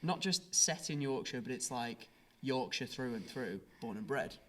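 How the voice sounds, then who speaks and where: Male podcast host, relaxed interviewer, average pitch. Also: normal speed, slight background noise. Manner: conversational, lots of fillers like "kind of".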